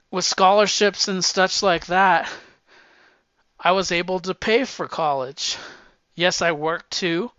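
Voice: medium pitch, pushed and bright, no echo. A person in their fifties talking candidly in a rambling, profane monologue, with frequent restarts and sounding slightly winded. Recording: dull lo-fi sound.

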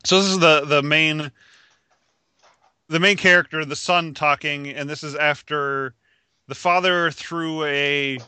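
A man's voice: fairly high pitch, fairly even intonation, unhurried, bright, forceful tone, clean tone, no room sound. A man co-hosting a casual podcast chat about comics, often laughing as he reads quotes aloud. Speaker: podcast co-host reviewing comics.

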